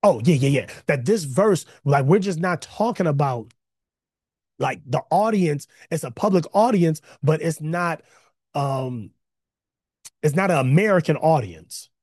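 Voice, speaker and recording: A man preaching in a casual, energetic style to an online chat, breaking off into slangy asides and building to emphatic repetition. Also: on the high side, unhurried, slightly rough, dry recording, clean studio sound. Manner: conversational slang, self-interrupting asides. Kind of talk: online sermon with chat interaction. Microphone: close mic, video call.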